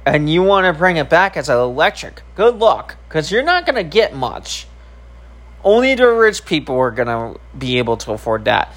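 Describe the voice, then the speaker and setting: A man's voice: a little high, sing-song, moderate pace, fairly bright tone. A man streaming and vlogging, talking casually to camera in a rambling, profane way with many filler ums.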